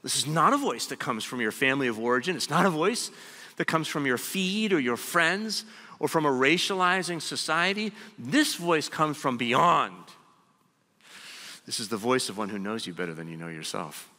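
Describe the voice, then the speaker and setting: A man preaching a sermon, emphatic and deliberate, slowing down to stress his key phrases. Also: mid-range voice, animated, sharp tone. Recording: long hall reverb.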